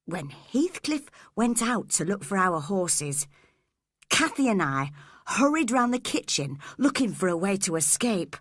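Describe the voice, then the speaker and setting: Woman reading a story for learners, slow and clear, lively pitch, dry close sound. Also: no room sound. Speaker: narrator. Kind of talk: graded reader story narration.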